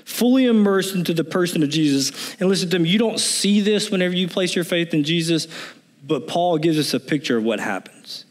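A man's voice: fairly high pitch, a little fast. A pastor preaching a sermon, explaining scripture verse by verse and driving his points home with emphatic repetition. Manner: emphatic, building to animated repetition.

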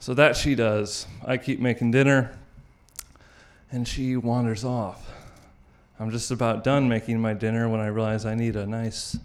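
A young man telling a personal story to an audience, wry and animated, often laughing as he goes. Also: medium pitch, moderate pace.

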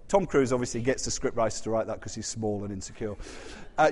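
High-voiced preacher in a reverberant hall. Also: male voice, very animated, normal speed, long pauses. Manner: conversational, asks the congregation questions. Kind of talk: sermon.

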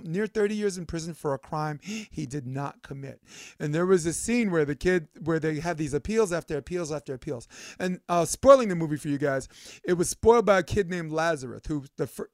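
A man hosting a casual podcast, an animated storyteller who acts out quotes. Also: fairly high pitch, dry recording, clean studio sound. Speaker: podcast host.

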